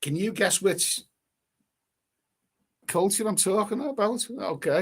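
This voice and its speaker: A man's voice: high-pitched, lively intonation, breathy edge. Stammering, sarcastic livestream host, man. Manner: halting, stammering restarts, sarcastic asides. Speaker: livestream host reading viewer comments. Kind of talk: casual rambling chat.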